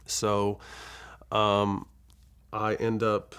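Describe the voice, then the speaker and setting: A former basketball player from California, appearing as an interview guest, recounts a personal story in a low, gravelly voice. He speaks briskly with a steady, casual, conversational tone, loose and laid-back, full of fillers and swearing.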